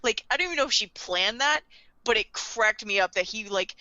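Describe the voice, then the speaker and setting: A woman co-hosts a casual chat, laughing often and acting out what the characters say. Her voice is bright and rises and falls a lot. The recording is dry and a little dull and lo-fi. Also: a little high, fairly quick, no room sound. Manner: animated, laughs often, acts out quoted lines. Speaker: podcast co-host.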